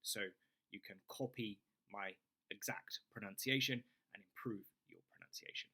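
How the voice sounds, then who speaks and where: A young British man teaching an English lesson, saying phrases slowly and clearly for learners to repeat. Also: fairly low pitch, bright, forceful tone.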